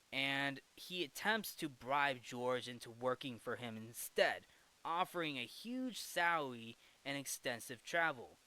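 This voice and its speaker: A man's voice: mid-range voice, sharp tone. A man hosting a movie review show, giving a casual, rambling film recap with jokey asides and frequent self-corrections.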